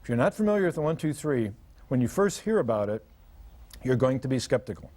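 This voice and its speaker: An older man presents a parenting seminar to a live audience at an ordinary pitch. He speaks with dry humor and tells lively stories, acting out what frazzled parents and misbehaving kids say. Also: a little fast.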